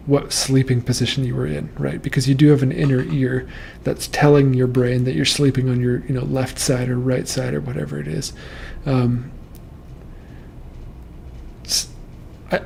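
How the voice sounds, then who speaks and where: A man with a gravelly, flat, medium-pitched voice hosts a show reading and interpreting listeners' nightmares from their dream posts. His casual commentary offers calm, measured, reassuring explanations, with slight background noise.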